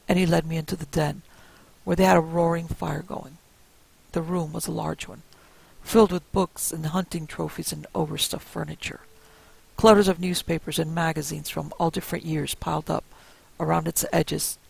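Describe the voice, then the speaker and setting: A man narrating a first-person spooky story in a measured, suspenseful way. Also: on the high side, creaky, husky, dry recording, low-quality recording.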